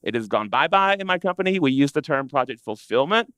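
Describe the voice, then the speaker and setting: A man presenting to an audience of interior designers in a chatty, animated way, acting out what clients say. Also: mid-range voice, brisk, no room sound. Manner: animated, conversational, acts out clients' complaints. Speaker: interior design business educator. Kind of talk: live presentation to a seated audience.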